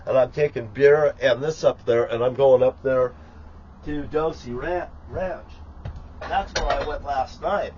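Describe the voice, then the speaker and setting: A man's voice: mid-range voice, measured pace, a little mellow, muffled recording, a little hiss or hum. A man talking casually in a rambling, profane, grandiose rant while cooking in his kitchen. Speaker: vlogger. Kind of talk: rambling live vlog monologue.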